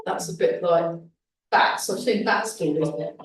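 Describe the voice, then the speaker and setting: A woman's voice: on the low side, moderate pace. A woman leading a beginners' tai chi class, calling breathing cues and chatting between movements. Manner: calm breathing cues mixed with chatty asides. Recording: very echoey hall, mic far off.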